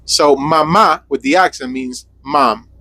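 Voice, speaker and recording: Laughing, teasing young man, lively pitch. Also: moderate pace, slight background noise. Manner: laughs often, explains in a joking teasing way. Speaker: podcast co-host. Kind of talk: casual chat.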